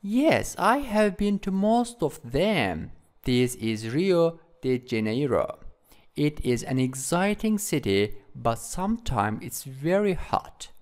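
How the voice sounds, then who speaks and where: A man's voice: fairly high pitch, very animated, takes it slowly. A male teacher reading a schoolboy's part in a textbook dialogue, in plain read-aloud style.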